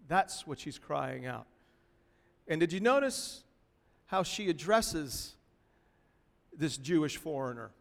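A man preaching a sermon to a church congregation, expressive and building intensity as he acts out a pleading cry. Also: fairly high pitch, slow pace, creaky, pauses often. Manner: expressive preaching, voices a pleading woman in rising tones. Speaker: pastor. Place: church hall. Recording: long hall reverb.

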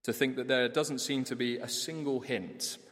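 A man preaching a sermon in a church, telling a story in an animated, humorous way. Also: medium pitch, normal speed. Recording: church hall reverb.

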